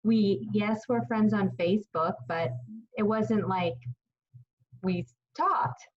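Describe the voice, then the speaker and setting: Slow, earnest woman near tears. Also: medium pitch. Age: late 30s. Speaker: host. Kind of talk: casual chat. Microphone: video call. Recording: slightly muffled video call.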